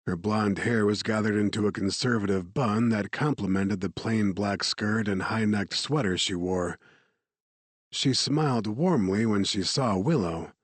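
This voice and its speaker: A man reading an audiobook in steady, measured narration. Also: on the low side, dry recording.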